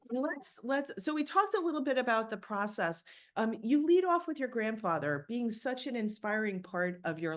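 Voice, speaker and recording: A woman hosting an online book interview on a video call, effusive and emotional in her praise. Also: mid-range voice. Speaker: interviewer and book club host.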